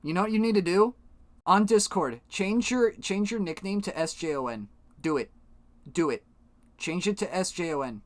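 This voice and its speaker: Lively, chatty male streamer. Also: sits high, normal speed, no echo. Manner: chatty, swears casually, talks to chat. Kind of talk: casual live-stream chat.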